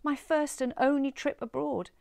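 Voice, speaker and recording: A woman reading a story aloud, voicing an anxious, fussy woman traveller who pleads in a high, distressed voice. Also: steady tone, normal speed, creaky, a little mellow, dry recording, clean studio sound. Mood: distraught.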